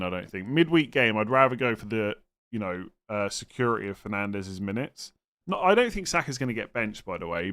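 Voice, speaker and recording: A man's voice: mid-range voice, fairly bright tone. Man musing aloud on a live stream. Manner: thinks aloud, hesitant, with restarts and exasperated asides. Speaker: fantasy football streamer answering chat. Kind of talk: casual live-stream chat.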